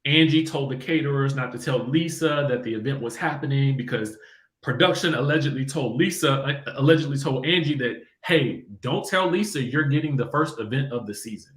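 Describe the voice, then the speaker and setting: A man hosting a casual reality-TV chat show, animated and quick to laugh. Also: medium pitch, roomy sound. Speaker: podcast host.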